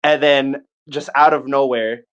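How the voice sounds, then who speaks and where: Speaking at a medium, smooth pitch, a young man in casual podcast conversation delivers a lengthy, profanity-laced party story with animation, mimicking his friends in rapid bursts. It has a lo-fi sound.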